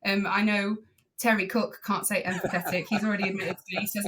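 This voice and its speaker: A woman driving instructor talking as a guest on a podcast, earnest and enthusiastic, with many pauses and ums. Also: medium pitch, little pitch movement, background noise. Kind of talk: casual podcast conversation.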